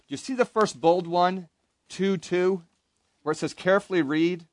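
In a dry recording, a camp Bible teacher with a high voice and fairly even intonation speaks at normal speed. He gives young campers an interactive Bible lesson, asking the group questions and leading them in call-and-response.

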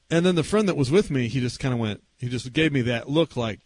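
A middle-aged male pastor preaching a storytelling sermon at a camp meeting, animated and acting out the voices in his stories. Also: medium pitch, fast, hardly any pauses, dry recording. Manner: animated, acts out quoted voices.

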